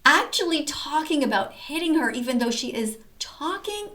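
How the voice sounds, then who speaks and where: A woman's voice: sits high, big pitch swings, moderate pace, pushed and bright. A woman hosting casual commentary over activist videos, talking in an emphatic, enthusiastic way. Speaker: host reacting to activist videos.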